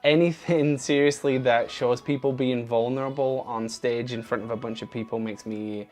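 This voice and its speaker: A man's voice: mid-range voice, steady tone, moderate pace, a little mellow. A man talking casually to his viewers in an open, earnest and emotional way. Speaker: vlogger. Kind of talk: casual talk to camera.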